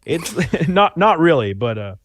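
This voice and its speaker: A man's voice: on the high side, big pitch swings, measured pace, a little hiss or hum. A man in his thirties with a Southern US accent, chatting loosely as a podcast guest, rambling and swearing freely. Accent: Southern US (Alabama). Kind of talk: casual chat.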